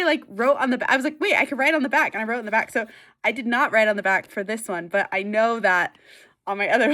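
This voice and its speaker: A woman's voice: on the high side, a bit bright. A woman vlogger chatting casually to camera, giggly and emotional, tearful at times, with lots of fillers.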